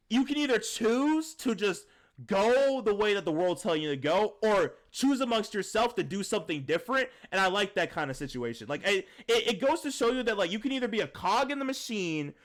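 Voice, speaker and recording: Young guy rambling about a movie, says like every other word, high voice that jumps all over. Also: a little fast. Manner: rambling, heavy use of "like", slangy, excitable. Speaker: podcast co-host reviewing a film. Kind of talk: casual chat.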